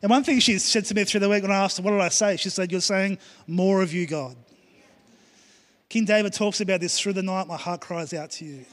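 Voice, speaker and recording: Pastor preaching with fervour, ringing hall. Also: male voice, sits high, quick pace, hardly any pauses, fairly bright tone. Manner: enthusiastic, emphatic preaching with repeated phrases. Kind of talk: sermon. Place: church hall. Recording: long hall reverb.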